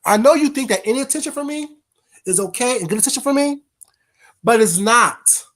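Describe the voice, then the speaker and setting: A man's voice: extremely high pitch, quick pace. A man ranting on a casual livestream, blunt and heavy on the profanity. He tears into trolls, then breaks off to greet chat viewers by name before going back at it. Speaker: livestream host.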